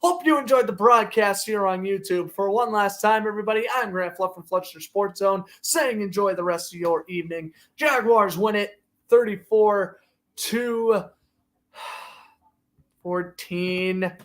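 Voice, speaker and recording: A man's voice: sits high, unhurried. A young man doing amateur live play-by-play commentary of a football game, calling the plays and recapping the score. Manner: excitable, gets loudly indignant at referees.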